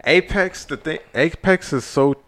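A man co-hosting a casual gaming podcast, relaxed and chatty, opinionated, with casual slang. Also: a little high, a little slow. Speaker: podcast co-host.

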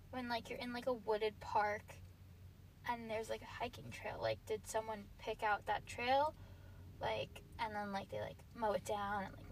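Young female podcast host, casual and profane, "like" every few words, voice a bit high, faint hiss underneath. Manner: ranting, swears freely, fills nearly every phrase with "like". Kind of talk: casual solo podcast rant.

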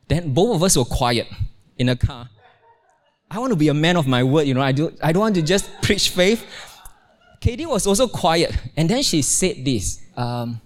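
Man, middle-aged, pastor, sermon, playful storytelling, fairly high voice. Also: normal speed. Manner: animated storytelling, playful, exclaims with rising pitch. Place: church, also streamed online.

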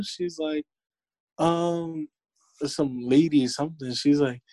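A young man in casual talk, cursing freely as he acts out the people in his stories. His voice is mellow and dark, with little bite at the top. The sound is dry and close, with no room around it. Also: a little high, slow pace, no room sound. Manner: profane, animated storytelling with acted-out quotes. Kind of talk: casual chat. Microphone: remote call audio.

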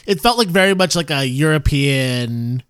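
A man co-hosting a casual TV recap, laughing often and talking in a halting way with many restarts. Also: a little high, expressive, fairly bright tone, clear, resonant tone, no room sound, studio quality. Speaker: podcast co-host. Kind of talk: casual TV episode recap chat.

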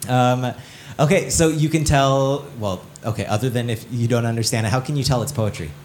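A man pastor giving a casual teaching sermon to a live congregation, joking often, asking the room questions and filling pauses with "um" and "like". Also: mid-range voice, darkish tone, a little hiss or hum. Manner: chatty and joking, with many fillers like "um" and "like"; asks the audience questions and waits for replies.

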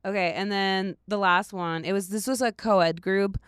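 A woman's voice: medium pitch, fairly even intonation, clean tone, dry recording, studio quality. A young woman co-hosting a podcast, chiming in and joking in casual chat. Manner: chatty, quick to chime in and joke. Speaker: podcast co-host.

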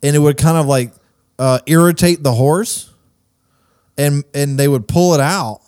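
A man's voice: fairly high pitch, measured pace, darkish tone, smooth, no echo, clean studio sound. A man co-hosting a casual podcast, telling stories easily and laughing often. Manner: easygoing storyteller, laughs often. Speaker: podcast co-host. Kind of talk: casual chat.

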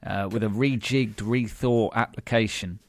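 This British podcast host speaks at a slightly slow pace, his lowish voice fairly even in intonation. He chats wryly and casually, often using fillers and starting over. The sound is dry and studio-clean.

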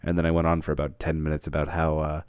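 A man's voice: rumbling low, monotone, quick pace, darkish tone, clear, resonant tone, no echo, studio quality. A young man vlogging alone, joking and rambling off on tangents as he acts out mock interviews. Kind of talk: casual rambling monologue.

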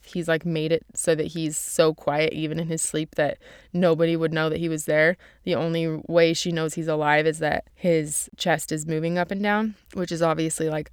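A woman's voice: low-pitched, smooth, dry recording, clean studio sound. A young woman casually retelling a novel's chapters for a book summary, peppering her talk with "like" and reading passages aloud.

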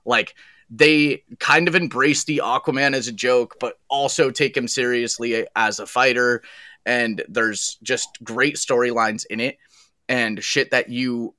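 A man's voice: medium pitch, fairly even intonation, measured pace, bright, forceful tone, no room sound, clean studio sound. A man co-hosting a casual podcast chat, joking, laughing often and swearing freely. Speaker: podcast co-host.

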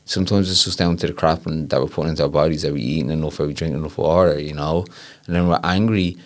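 An Irish man with a very deep voice talks as a guest in an easy, casual conversation. He speaks earnestly and keeps checking in with his listener as he explains himself. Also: fairly even intonation, quick pace. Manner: earnest, repeats "you know what I mean". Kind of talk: casual chat.

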